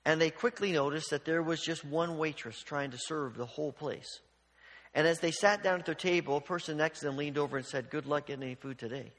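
Male preacher, sermon, earnest, slightly husky voice, fairly high, long hall reverb. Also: a little fast. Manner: earnest, repeats words when restarting, drops to quiet near-whispers for emphasis.

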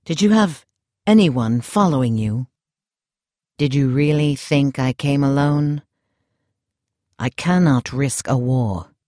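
A man voicing a troubled, bitter English officer who speaks low and subdued. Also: slow pace, pauses often, darkish tone, dry recording, clean studio sound, close to an everyday voice. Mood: alarmed.

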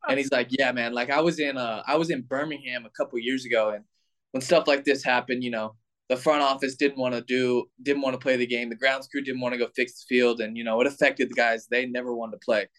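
A young man in his twenties, a baseball player, telling a story in a casual, animated way with lots of filler words. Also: mid-range voice, a little fast.

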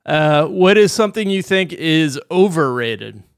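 A man's voice: fairly high pitch, animated, unhurried, vocal fry, clear, resonant tone, dry recording, studio quality. A man co-hosting a podcast in casual chat, explaining things loosely with lots of fillers. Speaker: podcast co-host.

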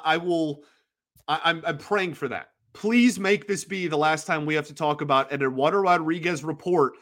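A man's voice: on the high side, fairly bright tone. A man hosting a solo sports podcast, talking casually in a rambling, opinionated way and laughing often.

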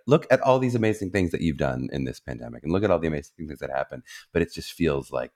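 A man's voice: rumbling low, expressive, rapid-fire, few pauses. A man hosting a podcast, musing and encouraging, with plenty of "um" and "you know". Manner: warmly encouraging, musing, lots of fillers. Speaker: podcast host. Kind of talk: casual podcast interview.

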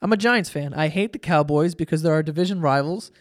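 A man's voice: fairly high pitch, fairly quick. A man hosting a solo podcast, ranting casually with lots of swearing and sarcastic exasperation. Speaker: podcast host.

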